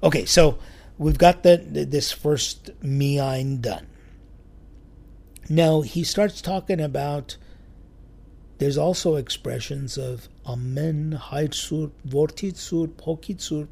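A man telling a church story in a sermon, lively and acting out the quoted voices. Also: fairly high pitch, takes it slowly, gravelly, slightly rough. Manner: animated storyteller, acts out quotes.

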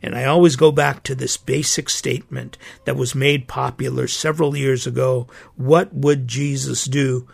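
Gravelly, husky-voiced priest, impassioned. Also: male voice, medium pitch, fairly even intonation, moderate pace, few pauses. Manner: earnest and indignant, emphatic. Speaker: priest and podcast host. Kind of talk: impassioned podcast monologue.

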